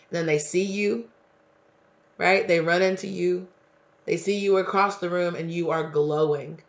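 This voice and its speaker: A tarot reader chats through a casual reading in a slangy, emphatic way, at normal speed with fairly even intonation. His fairly high voice has a gravelly edge. The recording sounds dull and lo-fi.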